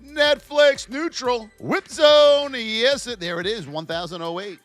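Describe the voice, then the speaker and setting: A man teaching stock trading while reviewing charts live, in an excitable, playful way with frequent exclamations. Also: very high voice, unhurried, soft background music. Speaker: trading educator.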